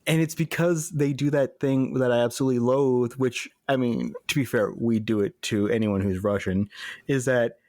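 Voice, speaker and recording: A man from Texas co-hosting a podcast in casual chat, who is emphatic, opinionated, and quick to laugh. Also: mid-range voice, a little mellow, dry recording, clean studio sound. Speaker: podcast co-host.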